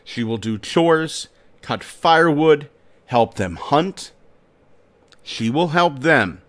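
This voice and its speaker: A man hosting a podcast, narrating a folk tale in a dramatic, expressive storytelling manner. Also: on the high side, slow. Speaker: podcast host.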